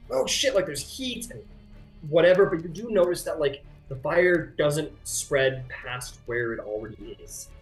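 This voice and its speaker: Rambling male game master. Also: fairly high pitch. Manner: casual, rambling, many fillers. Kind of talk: narrating a tabletop game.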